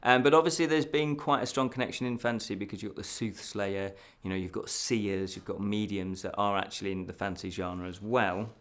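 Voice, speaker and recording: A man's voice: fairly low pitch, fairly even intonation, a little fast, few pauses, fairly bright tone. Chatty man hosting a news show. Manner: chatty, laughs at his own slips. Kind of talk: casual news reading.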